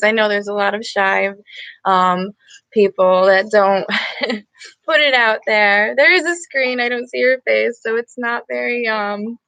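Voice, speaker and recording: A woman's voice: fairly high pitch, creaky, fairly bright tone, no room sound. A woman hosting a live gratitude meditation, talking earnestly and emotionally and repeating affirmations to her viewers. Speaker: meditation livestream host. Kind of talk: guided gratitude meditation talk.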